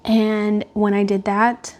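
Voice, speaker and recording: Woman vlogger rambling at home, talks real slow, middle pitch. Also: completely flat delivery, a little mellow. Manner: rambling, chatty, with frequent fillers. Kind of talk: casual chat. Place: at home indoors by a glass door.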